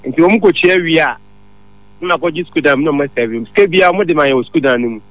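A man's voice: a little high, fast talker, fairly bright tone, no room sound, poor audio. A man calling in to a radio show and telling a long, rambling story. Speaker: caller. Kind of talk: phone-in chat.

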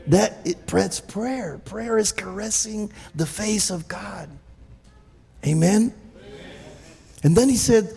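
A man preaches in a high, gravelly voice. He is emphatic and repetitive, stumbling over restarts. His words ring with the long reverb of a church hall. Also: slow pace, pauses often, mellow. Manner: emphatic, repetitive, with many restarts and stammered repeats. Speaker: pastor. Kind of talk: sermon.

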